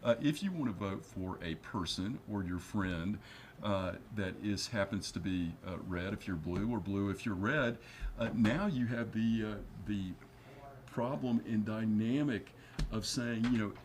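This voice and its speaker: A man with a fairly low voice explains the law as a guest on a studio news interview. He works through his points with frequent fillers and restarts. A faint hiss sits under the recording. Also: a little slow. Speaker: attorney guest.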